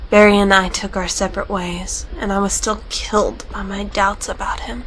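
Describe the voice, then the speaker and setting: A woman telling a game story in the first person, in a mid-range voice with a dramatic edge. She drops to whispers for private thoughts, and clear music plays behind her. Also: mid-range voice, level tone, normal speed, few pauses. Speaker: narrator. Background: background music.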